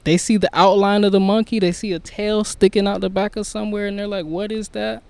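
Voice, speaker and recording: A man in casual conversation, talking reflectively and softly about his own life and struggles. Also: high voice, flat delivery, quick pace, smooth. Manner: reflective, soft-spoken, storytelling. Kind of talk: casual chat.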